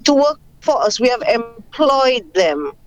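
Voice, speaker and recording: A caller speaks on a radio phone-in in a mid-pitched voice. The sound is dry and close, and the caller talks in an earnest, deliberate way with some fillers. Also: sing-song, dry recording, low-quality recording.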